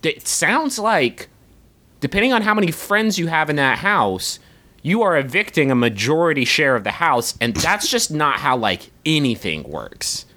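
Exasperated swearing man, lively pitch. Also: moderate pace. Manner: exasperated, rambling, swears often. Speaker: podcast co-host. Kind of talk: casual comedic chat.

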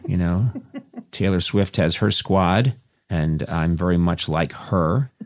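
A man hosting a comic podcast, chatting with his co-hosts in mock-boastful, deadpan self-praise. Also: deep voice, takes it slowly. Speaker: podcast host.

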